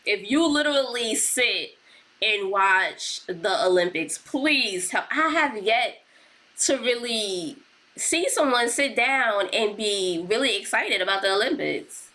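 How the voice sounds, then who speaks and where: Slow, bright-voiced woman reaction host. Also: on the high side, lively intonation. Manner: laughs often, chatty asides. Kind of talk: casual reaction chat.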